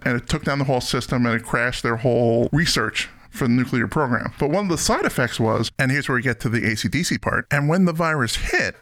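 A man's voice: a little high, a bit bright. A middle-aged man hosting a podcast, chatting casually and enthusiastically about music and laughing often. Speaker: podcast host.

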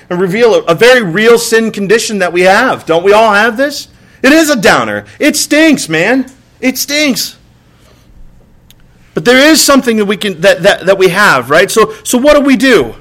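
This pastor's voice is high and fairly bright as he delivers a sermon in a church. He keeps it conversational, repeating words, tossing out rhetorical "right?" questions, and performing exasperated outbursts.

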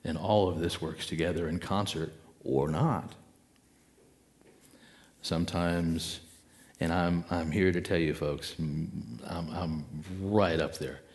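A man giving a spiritual talk to an audience, reflective and unhurried, with dramatic pauses and acted-out inner voices. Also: low-pitched, fairly even intonation, a little mellow. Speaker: speaker.

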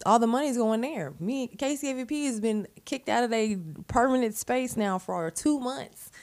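A woman's voice: fairly high pitch, normal speed. A woman hosting a podcast, talking candidly in casual conversation, blunt and sarcastic, with frequent swearing. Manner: animated, sarcastic asides. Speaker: podcast host.

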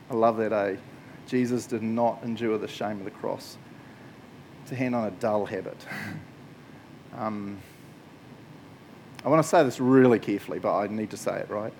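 Chatty Kiwi pastor preaching. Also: male voice, lowish voice, measured pace, long pauses, a little mellow, slight background noise, low-quality recording. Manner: casual, chatty, laughing, lots of fillers. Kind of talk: sermon. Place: church.

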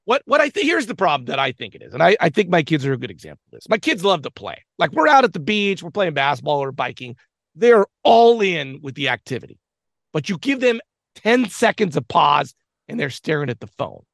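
Sarcastic man with a gravelly, lively voice. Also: on the high side, fairly quick, no echo, clean studio sound. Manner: sarcastic, animated. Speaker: podcast co-host. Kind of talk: casual podcast chat.

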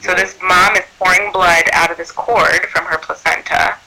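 A man who works as a birth doula tells a personal story in an animated way, acting out what people said. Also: sits high, normal speed, vocal fry, low-quality recording. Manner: animated, acts out quoted speech.

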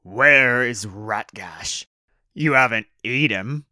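A man voicing a huge, bullying orc boss who bellows slow threats, in a storybook reading. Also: mid-range voice, sharp tone, no echo, studio quality. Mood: angry.

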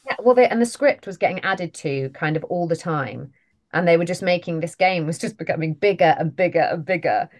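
Low-voiced British woman, chatty. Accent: British English. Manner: chatty, self-deprecating, quick to laugh. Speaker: voice and mocap actor guest. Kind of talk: casual interview chat.

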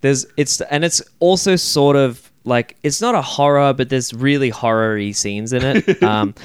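A man with a smooth, clean voice chats and rambles, swearing freely as he recaps films. The sound is dry and close, with no room around him. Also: mid-range voice, normal speed, dry recording. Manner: rambling, profane, animated storytelling. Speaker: podcast host. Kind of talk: casual chat.

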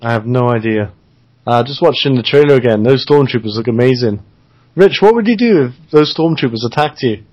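A man's voice: medium pitch, expressive, a little fast, a little mellow, dull audio. A man joking dryly during a comic chat over an internet call.

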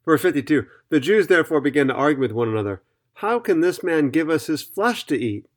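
A man's voice: fairly high pitch, animated, fairly quick. A man teaching on a podcast Bible study, reading scripture aloud and explaining it in an earnest, methodical way.

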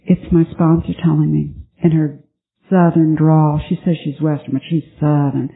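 A woman sharing her recovery story at a twelve-step meeting, earnest and halting with many restarts. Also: low voice, flat delivery, creaky. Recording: tinny phone-like conference tape.

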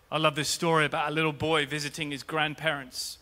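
A man's voice: a little high, level tone, quick pace, bright, forceful tone. A man preaching a sermon as pastor in a church, rousing and rhythmic, calling his congregation to respond. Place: large church. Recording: long reverb of a large church hall.

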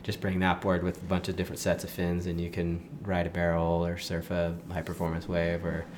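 A man's voice: low voice, a little fast, noisy background. Rambling surfer man telling a story. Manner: filler-heavy, animated when quoting others. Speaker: guest. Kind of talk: casual storytelling.

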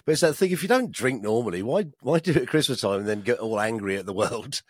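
British bloke on a podcast, rambles, laughs loads, normal pitch, no room echo at all. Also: male voice, animated, quick pace, breathy edge, studio quality. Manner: chatty, laughs often, rambling. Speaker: podcast co-host. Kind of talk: casual chat.

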